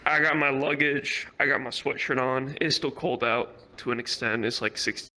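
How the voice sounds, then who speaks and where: A man's voice: mid-range voice, normal speed. A young man telling a rambling, profane story at a virtual reality comedy club. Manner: rambling, heavy swearing, animated.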